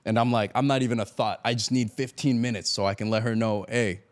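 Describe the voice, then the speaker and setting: A man's voice: on the low side, fast talker. A man from Miami, a guest on an interview podcast, telling a story with lots of laughter and acted-out quotes. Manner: animated storyteller acting out quotes, laughs often.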